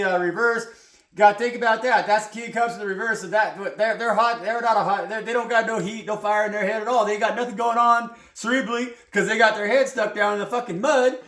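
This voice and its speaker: A man with a fairly high voice rambles through a tarot reading, cursing freely as he gets heated. The room around him rings with a noticeable echo. He talks loosely and restarts his thoughts often. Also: a bit bright. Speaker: tarot reader. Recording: roomy echo.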